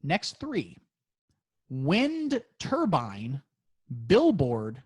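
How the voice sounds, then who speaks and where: High, lively-voiced man hosting a quiz. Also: extremely slow, slightly rough. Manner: playful, teasing, mock-boastful. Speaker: podcast co-host running a movie quiz. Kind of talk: crude, joking comedy podcast chat.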